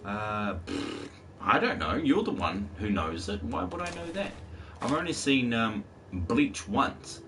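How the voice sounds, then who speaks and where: A man's voice: mid-range voice, sing-song, unhurried, fairly bright tone. A man live-streaming a game in casual chat, rambling along and talking to his viewers and the game's dog. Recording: distant mic with faint background noise.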